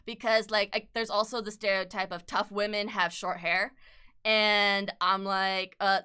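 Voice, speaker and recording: Bright, gushing young woman streamer. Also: mid-range voice, a little slow, smooth. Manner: excitable, gushing, swears freely, laughs often. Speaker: artist livestreamer. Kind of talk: casual chat while drawing.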